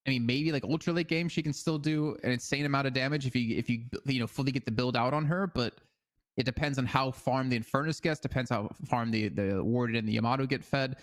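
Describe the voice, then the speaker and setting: A man's voice: mid-range voice, fast. Casual-sounding man co-casting esports. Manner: casual, hedging with fillers like "I mean". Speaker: esports co-caster. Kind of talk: esports analysis commentary.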